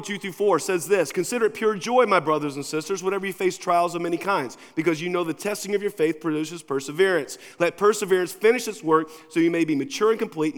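A male pastor preaching a sermon in a casual, conversational way, moving between quiet asides and emphatic points. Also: fairly high pitch. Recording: long reverb of a large hall.

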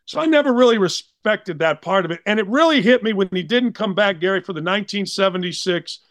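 A man in his sixties telling blunt, animated sports stories as a podcast guest. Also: sits high, a little fast, dry recording, clean studio sound. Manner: blunt, animated, slangy anecdotes. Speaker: guest, former college basketball player. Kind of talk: casual storytelling.

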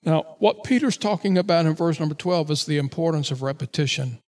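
A male pastor preaching a midweek sermon, stressing key words slowly and pausing with fillers as he reads and explains scripture. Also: fairly high pitch, a little mellow. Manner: emphatic preaching with slow drawn-out stresses and fillers.

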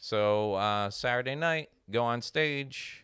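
This comedian podcast co-host is a man in his forties whose mid-range voice is smooth, a bit bright, and slow-paced. Chatting casually, he tells an exasperated, profane story and performs the quotes of everyone in it.

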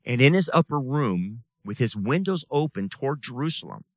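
A man preaching a sermon as pastor, impassioned, swinging from loud bursts to hushed asides. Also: medium pitch, sing-song, normal speed, no room sound, studio quality. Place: church.

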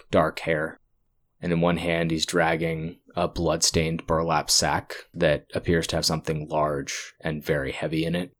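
A man with a very deep, low voice runs a tabletop horror game. He narrates scenes in a measured, descriptive way as game master. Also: fairly bright tone.

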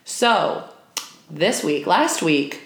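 Low-voiced chatty young woman, echoey room. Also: very animated, drawn-out words. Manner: chatty and playful, rambling with fillers. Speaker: podcast co-host. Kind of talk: casual podcast chat. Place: sparse, empty apartment room.

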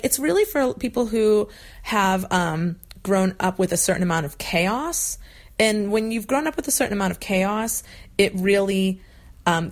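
A woman, a parent of a toddler and an author, talking as a guest in a casual chat, lively and full of fillers. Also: lowish voice. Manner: chatty, lively, full of fillers and acted-out quotes.

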